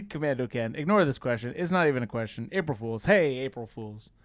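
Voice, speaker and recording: A playful, teasing man co-hosts a live painting stream, reading chat aloud and cracking jokes. His voice sits at an ordinary pitch and is recorded close and dry, with no room sound. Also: lively intonation, quick pace, no echo.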